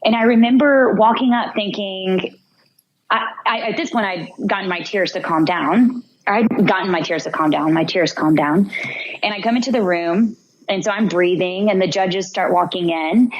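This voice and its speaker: Young woman guest, dramatic storytelling, voices her own thoughts, average pitch, faint hiss behind. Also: normal speed, dull audio. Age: young adult. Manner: vivid narration, acts out her own inner voice. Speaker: podcast guest, founder. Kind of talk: personal storytelling in an interview.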